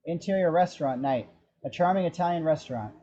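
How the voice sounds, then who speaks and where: A man narrating the action description of a screenplay in a steady, descriptive storytelling manner. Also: fairly high pitch, fast talker, highs cut off. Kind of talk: scripted narration.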